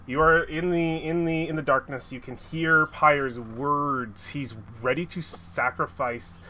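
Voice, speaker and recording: A man narrates a tabletop game as game master, dragging the pace out and circling back over his words. His voice is bright and a little high. Faint room noise sits behind him. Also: fairly even intonation. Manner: slow, halting narration with restarts.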